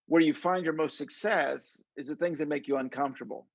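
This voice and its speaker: A man's voice: a little high, brisk, vocal fry, slightly rough, no room sound, muffled recording. A man hosting a podcast, chatting casually and rambling through his stories. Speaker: podcast host. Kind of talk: casual interview chat.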